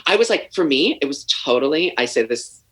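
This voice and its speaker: A man's voice: fairly high pitch, sing-song, a little fast, fairly bright tone, low-quality recording. A man telling stories as a podcast guest, profane and self-mocking, acting out scenes as he goes. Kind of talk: animated storytelling.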